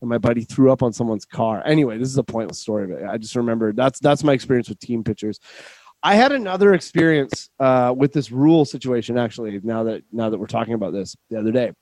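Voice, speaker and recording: A young man, a comedian, telling a rambling story in casual chat, full of swearing and quick restarts. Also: mid-range voice, no room sound, poor audio. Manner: rambling, animated, swearing, quick self-interruptions. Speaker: comedian guest.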